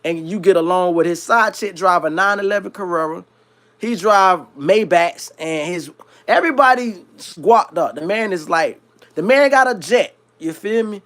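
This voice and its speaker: A man from South Florida who hosts a livestream, telling a long story in a slangy, rambling, animated way. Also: sits high, normal speed. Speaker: livestream host. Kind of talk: casual storytelling.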